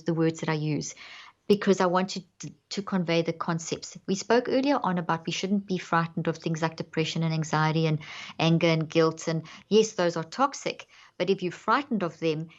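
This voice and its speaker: A woman's voice: on the low side, dull audio. A woman guest on a podcast interview, explaining earnestly and acting out inner self-talk as examples.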